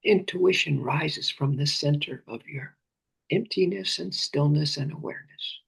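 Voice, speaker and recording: A man leading a guided meditation, speaking slowly and often sinking into breathy whispers, repeating phrases and names softly. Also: a little high. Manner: slow, drifting into breathy whispers. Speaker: meditation teacher.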